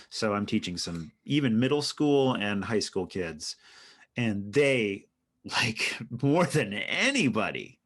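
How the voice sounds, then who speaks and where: A man's voice: lowish voice, fairly bright tone. Playful mock-earnest man chatting. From not from New York. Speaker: podcast co-host. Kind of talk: casual comedic chat.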